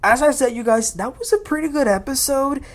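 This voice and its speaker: A woman's voice: high voice, a little fast. A woman hosting a casual, opinionated recap of a reality TV episode. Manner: chatty, opinionated, quotes the cast. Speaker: TV recap host.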